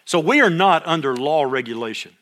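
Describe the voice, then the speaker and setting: An older man teaching a Bible study like a sermon, reading scripture aloud more loudly and dropping into quiet asides, often clearing his throat. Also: on the high side, expressive, a little fast.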